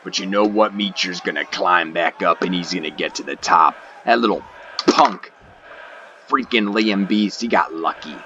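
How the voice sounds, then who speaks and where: A boastful heel wrestler barks challenges in a deep, gravelly growl, as a man puts him on. He taunts his rival with loud, swaggering shouts. A video-game crowd roars over music behind him. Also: normal speed, lo-fi sound, slight background noise. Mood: taunting. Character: brash boastful male wrestler, heel club leader.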